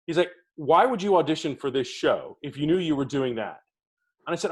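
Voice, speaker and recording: A middle-aged podcast co-host, interviewed in casual conversation, tells animated theatre stories and acts out the voices of people he quotes. His voice is on the high side, brisk, and slightly rough.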